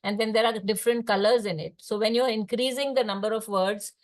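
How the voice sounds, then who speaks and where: An older woman with an Indian English accent, a speech therapist lecturing fellow clinicians in a hesitant, explanatory way with many pauses and fillers. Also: on the high side, steady tone. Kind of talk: lecture in an online case discussion.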